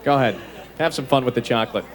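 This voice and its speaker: A man hosting a lighthearted celebrity interview outdoors in a courtyard, quick and teasing in his manner. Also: medium pitch, some chatter behind. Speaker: radio show host.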